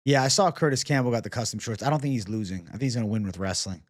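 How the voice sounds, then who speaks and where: A man's voice: medium pitch, expressive, racing, dry recording, clean studio sound. A man hosting a casual live chat, bantering loosely and profanely with viewers. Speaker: livestream host.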